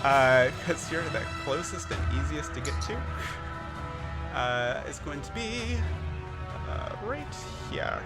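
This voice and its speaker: A man with a slightly raised voice narrates a tabletop game as game master, relaxed and chatty with lots of fillers. Game music plays clearly under him. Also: on the high side, slow pace.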